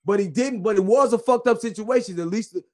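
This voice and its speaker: High-voiced man ranting on a call. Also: fast. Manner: preachy, emphatic, at times shouting. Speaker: caller. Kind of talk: heated call-in rant.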